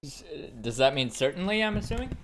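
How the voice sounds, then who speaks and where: Guy doing jokey game reaction commentary, kinda high voice, swears and copies the characters. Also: very animated, brisk, fairly bright tone, a little hiss or hum. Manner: playful, swears, mimics the characters. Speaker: gaming streamer.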